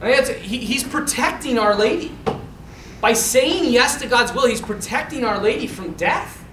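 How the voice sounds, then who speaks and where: A man's voice: extremely high pitch, expressive, normal speed. A man, a Catholic priest, giving an informal talk to a men's group, telling stories animatedly and laughing often. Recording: echoey room, mic far off, faint noise.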